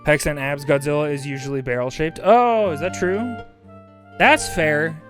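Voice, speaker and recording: A male streamer chatting casually on a livestream while high, rambling and swearing casually as he reads chat aloud. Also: moderate pace, music in the background.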